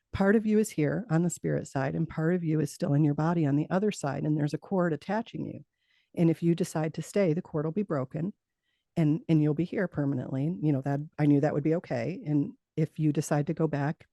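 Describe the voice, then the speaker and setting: Gravelly-voiced woman telling her story. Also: low-pitched, dark tone, dry recording, studio quality. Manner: earnest, laughing, many restarts. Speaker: guest. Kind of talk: personal storytelling in an interview.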